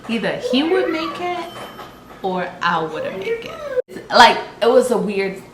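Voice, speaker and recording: A woman's voice: on the high side, very animated, unhurried. Emotional woman vlogger in an echoey room. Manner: emotional, rambling retelling with many fillers and restarts. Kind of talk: casual personal storytelling. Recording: echoey room with background noise.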